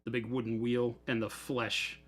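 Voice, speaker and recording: A man's voice: medium pitch, little pitch movement, moderate pace, a bit bright. A man hosting a hobby store livestream, chatting and rambling through stories while he builds models in his office. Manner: chatty, rambling storyteller who laughs often. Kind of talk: casual live chat while building models.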